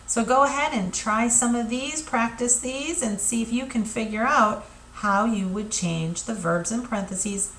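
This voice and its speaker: A woman's voice: a little high, a little slow, hardly any pauses, a bit bright, reverberant, slight background noise. A woman teaching a recorded Spanish lesson, explaining patiently with frequent fillers and checks for understanding.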